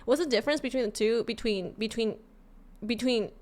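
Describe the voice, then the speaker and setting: A woman's voice: on the high side, a little fast, darkish tone. A woman from California with a Californian accent, chatting casually on a live stream in a bubbly, giggly way, often stumbling over and repeating her words.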